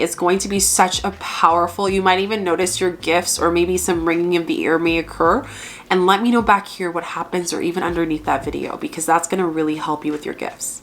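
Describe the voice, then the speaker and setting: A woman's voice: fairly low pitch, fairly bright tone. A young woman hosting a spiritual channel, talking earnestly and gushingly to her viewers, often repeating herself. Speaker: spiritual coach and channel host. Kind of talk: casual talk to camera.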